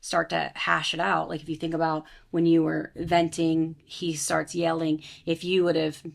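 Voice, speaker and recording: A woman co-hosting a casual podcast chat, telling stories in a calm, even way. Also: low voice, moderate pace, creaky. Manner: calm, even storytelling with acted-out quotes. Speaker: podcast co-host.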